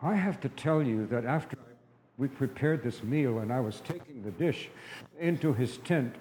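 A man's voice: mid-range voice, animated, darkish tone. Man telling a story in first person, echoing hall. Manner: halting, stammering, earnest.

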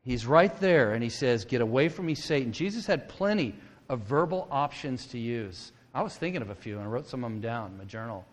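A man preaching a sermon as a pastor, animated and conversational, acting out quotes in voices. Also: medium pitch, a little fast. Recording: long hall reverb.

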